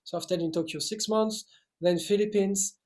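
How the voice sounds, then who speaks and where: A young man in his twenties from France, speaking English with a French accent in a halting interview style with many restarts. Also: high voice, fairly even intonation, darkish tone. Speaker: actor guest. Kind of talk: casual interview talk.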